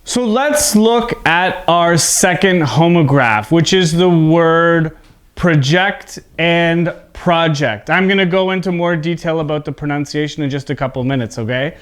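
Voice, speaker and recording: A man teaching an online English pronunciation lesson, explaining slowly and deliberately, repeating example words with exaggerated stress and checking in with "okay?". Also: on the high side, smooth.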